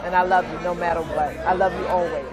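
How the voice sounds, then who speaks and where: A woman's voice: lowish voice, steady tone, fast talker. A woman giving a tender spoken farewell to a friend, close to tears. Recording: music and crowd chatter behind.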